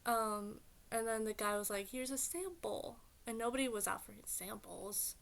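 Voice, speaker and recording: A woman vlogger with a gravelly, mid-range voice tells a story at a moderate pace, rambling casually and packing it with fillers and plenty of "like"s. She vents in an exasperated, animated way, tossing in frustrated asides.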